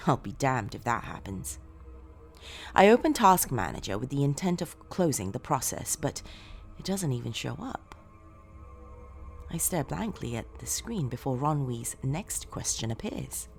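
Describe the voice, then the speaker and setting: A woman tells a first-person horror story with dramatic, expressive delivery, dropping to hushed tones and rising to shouts. Her pitch is lively and moves a lot. Soft music plays faintly under her voice. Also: normal speed.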